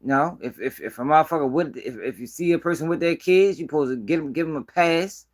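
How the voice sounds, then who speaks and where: A man's voice: a little high, fast. Blunt, profane man ranting. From Baltimore. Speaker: street news commentator. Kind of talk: casual live-stream commentary.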